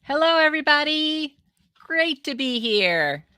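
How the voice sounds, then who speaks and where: Woman, lively high-ish voice, dry close sound, quick quips. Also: no room sound. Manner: quippy, short dry comebacks. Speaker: co-host. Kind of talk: casual live-stream chat.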